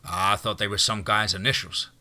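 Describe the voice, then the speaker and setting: A man voicing an earnest, slow-witted young man in an audiobook, talking quietly and puzzled. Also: fairly low pitch, steady tone.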